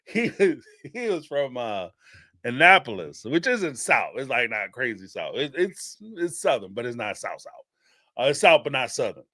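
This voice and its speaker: A man's voice: medium pitch, sing-song, moderate pace, bright, forceful tone, dry recording, clean studio sound. A man hosting a casual live-streamed reality TV recap, rambling and chatty with lots of fillers and laughter.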